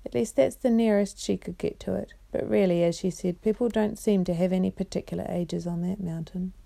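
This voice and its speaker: Woman reading a bedtime story aloud: gentle, measured, mellow tone. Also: fairly low pitch, steady tone, creaky.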